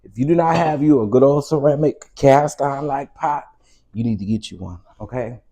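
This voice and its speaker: A man's voice: medium pitch, moderate pace, warm tone. A man with a Southern American accent hosting a casual cooking stream from his home kitchen, chatty and calling viewers "baby" and "y'all". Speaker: cooking show host.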